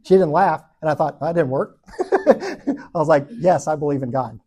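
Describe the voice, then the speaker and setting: Husky joking man telling a story. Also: fairly high pitch, normal speed. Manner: joking, animated, acts out quotes. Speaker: Bible study teacher. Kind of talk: storytelling talk to a group.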